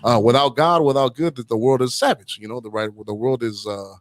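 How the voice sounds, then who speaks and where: A man's voice: medium pitch, a little fast, no room sound. A man hosts a talk show in a loose, rambling way, pressing his opinions and checking in with his listener. His voice is recorded dry and close, with almost no room sound. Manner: rambling, opinionated, tags lines with "right?" and "man". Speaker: host.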